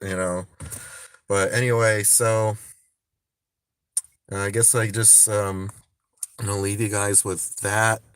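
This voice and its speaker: A man's voice: fairly low pitch, flat delivery, takes it slowly, long pauses, fairly bright tone, smooth, dry recording. Man, casual livestream chat, rambling, cursing, dry close phone sound. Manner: rambling, swears often, many restarts.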